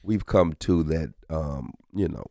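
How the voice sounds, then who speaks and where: A man's voice: rumbling low, a little slow. A middle-aged man, a comedian chatting as a podcast guest and acting out his family's voices as he tells stories. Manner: animated storyteller, acts out family voices. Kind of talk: casual podcast chat. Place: podcast studio.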